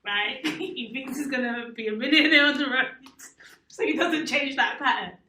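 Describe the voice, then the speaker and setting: Bright high woman, laughing as she talks. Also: moderate pace, distant mic. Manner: laughs often while talking. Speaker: podcast co-host. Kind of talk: casual chat. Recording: echoey room, off-mic, faint noise.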